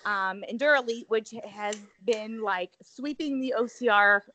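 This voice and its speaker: A woman's voice: a little high, unhurried, bright, forceful tone. A woman co-hosting a podcast in casual, upbeat chat full of fillers. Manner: chatty, upbeat, filler-heavy. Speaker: podcast co-host.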